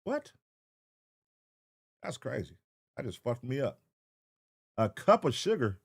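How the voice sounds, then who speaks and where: A man's voice: mid-range voice, big pitch swings, takes it slowly, creaky, breathy edge, dry recording, studio quality. A man hosting a live stream, chatting loosely and profanely with his chat and reading out names in a sing-song voice. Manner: sing-song roll-call shout-outs. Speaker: streamer host. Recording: music playing loudly behind. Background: hip hop music.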